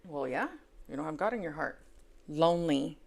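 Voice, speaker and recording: Gravelly-voiced woman giving an emphatic tarot reading. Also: low-pitched, expressive, a little fast. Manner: emphatic, repeats words for effect; swings between hushed asides and loud exclaims. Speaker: tarot reader. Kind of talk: casual tarot reading monologue.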